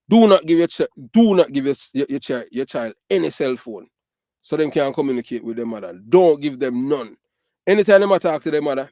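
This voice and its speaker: A man's voice: a little high, dark tone, dry recording, clean studio sound. A middle-aged man from Jamaica with a Jamaican Patois accent, giving emphatic, repetitive commentary full of fillers. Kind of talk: casual ranting commentary.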